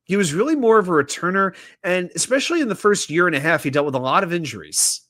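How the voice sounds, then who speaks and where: Man, sports talk host, bright voice, animated, reading chat aloud, joking. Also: high-pitched, fast talker. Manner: animated, reads viewer chat aloud and jokes. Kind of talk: casual live-stream chat running trivia.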